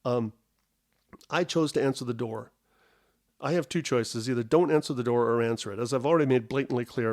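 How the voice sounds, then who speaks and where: Middle-aged male podcast host, mid-pitched voice, rambling wry storyteller. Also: a little mellow. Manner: rambling, self-interrupting, wry and self-mocking. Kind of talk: casual solo podcast storytelling. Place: at home.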